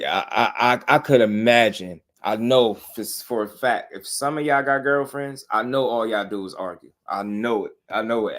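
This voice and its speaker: Blunt man in his thirties scolding chat. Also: fairly low pitch. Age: 30s. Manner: blunt, scolding, repetitive, slangy. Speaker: boxing podcast host. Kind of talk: live-stream commentary, addressing chat.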